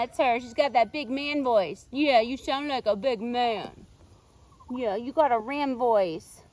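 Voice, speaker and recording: A woman in her thirties vlogging outdoors on her farm, baby-talking her animals and calling sheep loudly. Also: fairly high pitch, normal speed, a little hiss or hum. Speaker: ranch vlogger. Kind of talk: casual farm vlog talk.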